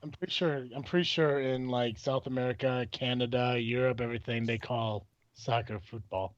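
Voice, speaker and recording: A man's voice: medium pitch, fairly even intonation, normal speed, dry recording. A man from Illinois hosting a casual podcast, rambling and joking with lots of swearing. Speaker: podcast host. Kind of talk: casual chat. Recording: dull, dry, lo-fi sound.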